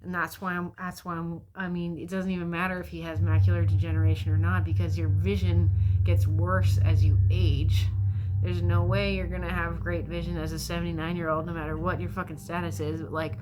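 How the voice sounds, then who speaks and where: A woman's voice: fairly low pitch, flat delivery, a little fast, over loud music. A woman vlogger recapping a movie in a casual, rambling way, swearing freely and getting sarcastic.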